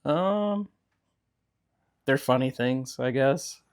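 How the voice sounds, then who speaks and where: A man's voice: mid-range voice, expressive, extremely slow, clear, resonant tone. A man co-hosting a podcast in casual chat, laid-back and tossing in dry quips. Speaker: podcast co-host.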